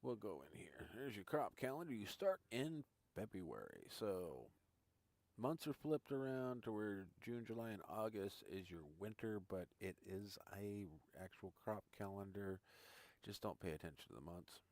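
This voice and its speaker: His fairly low voice is very animated and a little mellow as he chats with viewers at a moderate pace, with no echo. The man is a gaming streamer touring a farming game live and thinking aloud as he goes.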